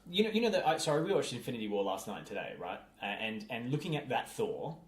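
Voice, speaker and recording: A man's voice: mid-range voice, very animated, quick pace. A man co-hosting a casual film review podcast, talking it through animatedly and mimicking lines in mocking voices. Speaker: podcast co-host. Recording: roomy echo with faint background hum.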